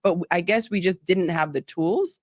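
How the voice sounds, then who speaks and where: A woman hosting a casual interview, telling animated stories and acting out what others said. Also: fairly low pitch, normal speed, dry recording, studio quality. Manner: animated storyteller, acts out quotes. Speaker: host.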